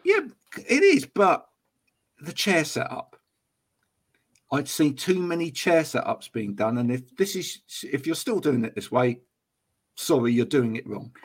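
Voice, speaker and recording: A man hosting a casual podcast chat, animated and laughing as he acts out what other people say. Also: medium pitch, measured pace, breathy edge. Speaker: podcast host.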